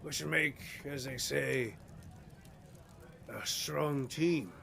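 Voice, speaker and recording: A man doing a gravelly old hound-keeper. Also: mid-range voice, very slow, fairly bright tone, slight background noise, full character voice. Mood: genial. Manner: folksy, calls others lad.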